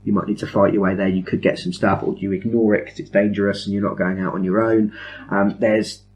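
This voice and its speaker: A man's voice: fairly low pitch, little pitch movement, fast talker, a little mellow. A man hosting a podcast, explaining things in an enthusiastic, rambling way with self-mocking asides. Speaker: podcast host. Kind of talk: casual chat among friends.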